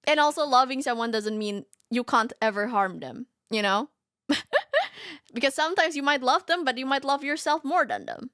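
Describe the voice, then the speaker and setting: High-pitched giggly woman streamer. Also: moderate pace, clear, resonant tone, no echo, studio quality. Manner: giggly and animated, often breaks into laughter. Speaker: VTuber streamer. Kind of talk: casual reaction stream, reading a story aloud.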